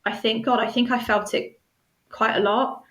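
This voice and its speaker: A woman, a guest telling her personal story in a podcast interview, earnest and measured. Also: a little high, fairly even intonation, fairly bright tone, roomy sound, poor audio. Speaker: guest, stalking survivor.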